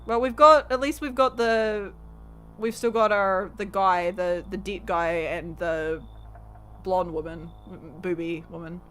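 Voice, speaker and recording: A woman's voice: on the low side, fairly even intonation, unhurried, fairly bright tone, slight background noise. A woman streamer giving casual, chatty commentary while she plays a game, often trailing off mid-sentence. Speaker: VTuber streamer.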